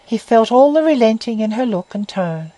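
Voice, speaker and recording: A woman reading a classic novel aloud as narrator in a measured, even way. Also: a little high, no echo, low-quality recording.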